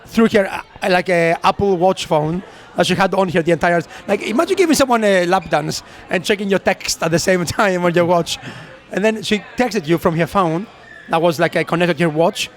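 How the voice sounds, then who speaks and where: A man with a notably high voice recounts a night out in relaxed podcast chat. He tells the story with energy, slips into the other people's lines as he goes, and laughs easily along the way. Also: normal speed, hardly any pauses. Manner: animated storyteller, acting out quoted voices, laughing often. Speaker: podcast co-host. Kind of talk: casual chat.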